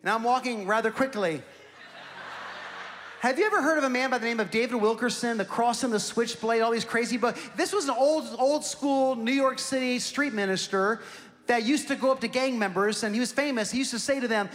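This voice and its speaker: A young man preaches a sermon built around a personal story, with a strikingly high voice. He tells it in an animated, self-mocking way and leans into the humor. His words ring out with a long reverb, as if spoken in a large sanctuary. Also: fairly quick. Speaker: pastor.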